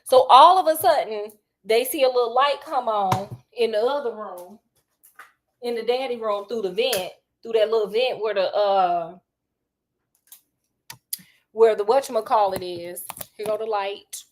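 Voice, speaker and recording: A woman telling a classic mystery as casual comic chat, slangy and full of asides. Her voice sits a little high. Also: a little slow, slight background noise. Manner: chatty, slangy, animated. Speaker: storyteller. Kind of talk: casual comic story retelling.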